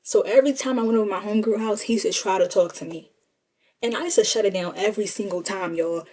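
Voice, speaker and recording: A woman's voice: medium pitch, quick pace, dark tone, husky. A young woman telling a casual, sassy story and talking straight to her listeners as y'all. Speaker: storyteller vlogger.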